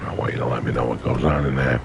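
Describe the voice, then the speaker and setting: A man's voice: very deep voice, level tone, very fast, vocal fry, noisy background. An older man telling stories in a casual interview, colorful and profane, acting out other people's lines. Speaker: guest. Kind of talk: casual storytelling.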